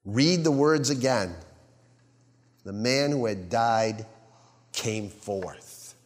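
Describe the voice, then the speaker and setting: Pastor guy giving a sermon, gets loud then real quiet, asks the crowd questions, long church echo. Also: mid-range voice, lively intonation, slow. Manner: dramatic swings between loud emphasis and hushed quiet; preaching with rhetorical questions to the congregation.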